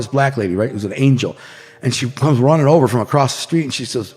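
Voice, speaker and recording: A man from the Detroit area, a podcast guest, telling an intense story in a fast, casual way, often saying bro and man. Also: medium pitch, big-room sound. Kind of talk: animated storytelling.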